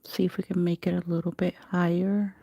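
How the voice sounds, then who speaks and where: A woman's voice: lowish voice, little pitch movement, fairly quick, gravelly, dark tone, no echo, lo-fi sound. A woman nail artist hosting a live tutorial, chatting to her viewers by name and narrating her steps as she works.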